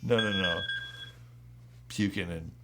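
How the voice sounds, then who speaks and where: A man's voice: sits low, slow pace, background noise. Rambling, foul-mouthed podcast man. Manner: rambling, profane, animated storyteller. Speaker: podcast co-host. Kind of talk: casual podcast chat. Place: home studio.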